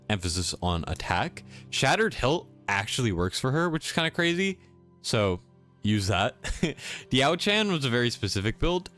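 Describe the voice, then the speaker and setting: A man's voice: on the low side, fairly bright tone. A young man giving casual, self-deprecating commentary over gameplay for a game guide, recorded as a voice-over on a desk mic. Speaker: gaming guide creator.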